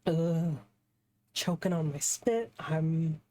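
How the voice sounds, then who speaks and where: A woman's voice: low-pitched, slow, dark tone. A woman streaming a game playthrough live, chatty and laughing at her own slips. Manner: chatty, laughs at herself, self-deprecating. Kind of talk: live game playthrough, reading dialogue aloud.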